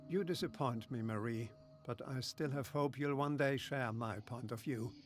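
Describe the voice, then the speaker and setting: A man's voice: medium pitch, moderate pace, faint music behind, lightly acted. An actor playing a smug, scheming male doctor with a German accent, speaking in a patronizing, condescending way in video game dialogue.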